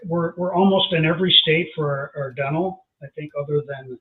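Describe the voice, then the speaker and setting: A man's voice: on the high side, brisk. A man appearing as an insurance agent guest on a casual show, explaining things in a plainspoken way. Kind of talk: casual chat. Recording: phone-like call-in audio.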